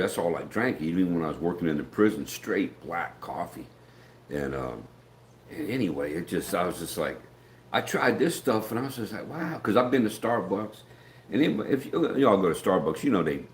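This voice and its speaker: A middle-aged man from the United States, low-voiced and folksy, rambles through a casual morning live stream and greets his viewers by name. He's outdoors, filming on a handheld camera mounted on a gimbal, and the audio carries a faint hiss or hum.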